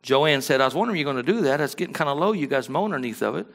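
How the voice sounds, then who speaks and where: A man preaching a sermon as pastor, telling folksy stories in a conversational way and rising to loud, animated peaks. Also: on the high side, very fast.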